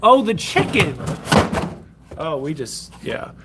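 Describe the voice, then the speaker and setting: Heavy background noise surrounds this young man as he speaks slowly in a slightly high voice with big swings in pitch. A faith vlogger, he rambles loosely in a casual vlog, fixing food in his home kitchen while holding his phone in one hand to film.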